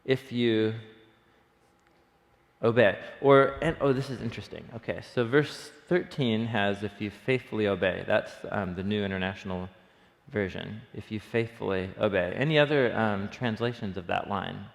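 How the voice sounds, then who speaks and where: A man with a lowish, gravelly voice leads a casual Bible study and explains the text with eager, chatty enthusiasm. He thinks aloud as he goes, pausing on fillers. His voice rings with the long reverb of a hall. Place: church room.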